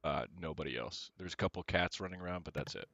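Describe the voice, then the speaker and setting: Deep-voiced man running a tabletop game. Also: quick pace, sharp tone, no echo. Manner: hesitant, many "uh"s and restarts. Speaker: game master. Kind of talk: narrating a tabletop game over voice chat. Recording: dull, slightly lo-fi voice chat audio.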